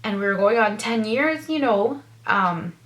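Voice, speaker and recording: A woman's voice: mid-range voice, lively intonation, measured pace. A woman in her thirties casually telling a personal story, full of fillers and emotion, quoting herself and her husband. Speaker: vlogger sharing her story.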